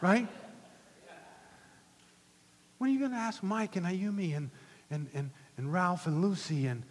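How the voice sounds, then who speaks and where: A man preaching a sermon as pastor, swinging from loud emphatic lines to hushed whispers. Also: high voice, measured pace, in a large hall, a little hiss or hum.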